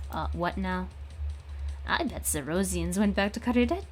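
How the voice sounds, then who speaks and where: A woman's voice: lowish voice, normal speed, a little hiss or hum. A young woman casually commenting over her gameplay with a sore throat, chatty, self-mocking and profane. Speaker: gaming host.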